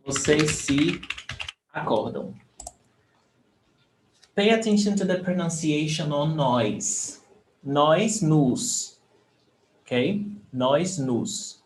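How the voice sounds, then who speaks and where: A man teaching verbs in a live online lesson, explaining patiently and repeating examples. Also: a little high. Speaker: Portuguese teacher. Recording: echoey room, faint background noise.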